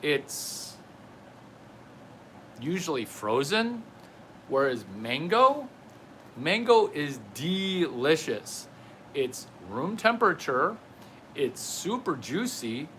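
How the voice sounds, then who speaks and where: A man in a rambling comedic monologue, speaking slowly with a bright, forceful edge. His voice sits fairly high and swoops widely as he riffs playfully from one absurd tangent to the next. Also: slight background noise. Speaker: comedian vlogger.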